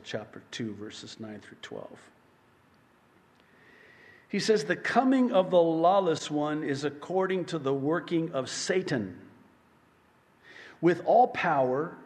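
A high-pitched man preaching slowly and deliberately, rising to yells and then dropping to hushed tones. His sermon rings out with a long reverb across a large church sanctuary. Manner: emphatic, swinging between yelling and hushed. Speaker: pastor.

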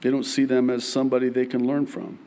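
A pastor in his forties preaching a sermon in a church, emphatic and joking, with big swings in pitch. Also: completely flat delivery, fast, dark tone, a little hiss or hum.

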